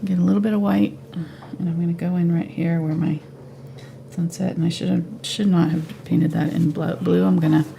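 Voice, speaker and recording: A woman giving a live painting tutorial at home, relaxed and thinking aloud as she paints. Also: lowish voice, moderate pace, vocal fry, a little hiss or hum. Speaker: painting instructor.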